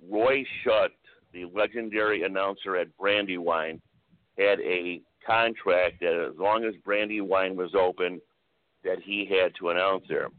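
An older man, a veteran racetrack announcer, telling chatty anecdotes as a guest on a radio interview. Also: low voice. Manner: chatty anecdotal storyteller, many "I said, he goes" retellings. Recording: phone-line call-in audio.

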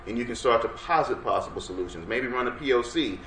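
Energetic man lecturing in a roomy hall. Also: medium pitch, fast talker. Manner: energetic, coaxes audience to respond. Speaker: workshop presenter. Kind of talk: interactive workshop lecture. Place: workshop room. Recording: roomy room sound, faint background noise.

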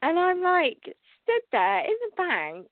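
A woman's voice: very high-pitched, slow pace, dry recording. Chatty woman on a tinny line. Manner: chatty, excitable, with restarts and laughter. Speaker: show host and psychic reader. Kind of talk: casual storytelling to listeners. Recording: tinny phone-line sound.

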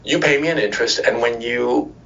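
Husky, profane male political commentator. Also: medium pitch, a little fast, fairly bright tone. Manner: profane, emphatic, rhetorical asides; checks in with "right?" and "okay?". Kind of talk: ranting commentary monologue. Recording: dull lo-fi recording.

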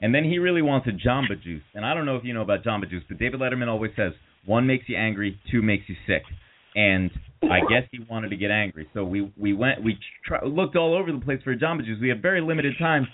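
A man's voice: medium pitch, quick pace. Rambling man on a tinny line. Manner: rambling, many fillers and restarts, mocking impressions. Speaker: podcast co-host. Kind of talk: casual storytelling. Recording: tinny phone-like audio.

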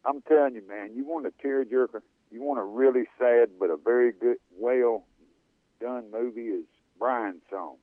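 A man's voice: mid-range voice, normal speed, no echo. A man calling into a sports radio show, telling a movie story in a friendly, folksy way. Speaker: caller. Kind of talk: phone-in call. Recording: tinny phone line.

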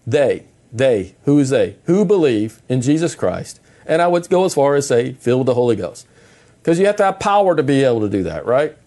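A middle-aged man delivers a sermon in an unhurried, conversational tone. His pitch sits right in the middle for a man, and he talks plainly instead of raising his voice, circling back over his own phrases. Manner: calm, plain-spoken, with repeats and restarts. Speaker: preacher.

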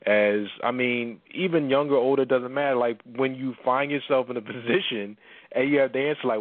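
A man co-hosts a relaxed podcast conversation about scripture, chatty and quick to laugh. His voice sits in a middle range, and the recording is dry and narrow like a phone line. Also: mid-range voice, dry recording. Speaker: podcast co-host. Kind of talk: casual Bible discussion. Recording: dry thin phone-like sound.

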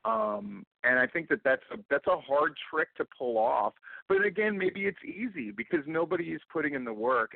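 A man's voice: mid-range voice, dry recording. Middle aged host dude rambling his opinions, dry phone-ish sound. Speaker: podcast host. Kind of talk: casual podcast chat. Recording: tinny phone-like line.

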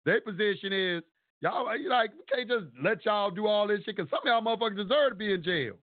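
A man's voice: high-pitched, expressive, fairly quick, no room sound. A man calling in to a talk show, ranting in a profane, rambling, emphatic way over a phone line. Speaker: caller. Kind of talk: casual call-in rant. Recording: tinny phone line, dry.

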